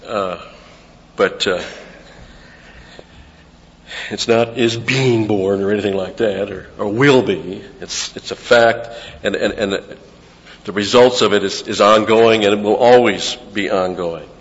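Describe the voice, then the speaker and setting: A man's voice: lowish voice, fairly even intonation, a little slow, pauses often. A man preaching an expository sermon, teaching verse by verse, explaining grammar and repeating key phrases for emphasis. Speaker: pastor. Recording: lo-fi with long hall reverb.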